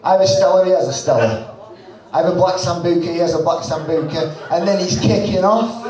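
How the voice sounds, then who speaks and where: A man's voice: sits high, a little fast, warm tone. A man with a Lancashire accent doing stand-up, with blunt, sweary, self-mocking banter. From Lancashire, northwest England. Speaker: stand-up comedian. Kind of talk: stand-up set. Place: small comedy club. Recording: roomy club recording from far off, crowd audible. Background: audience laughter.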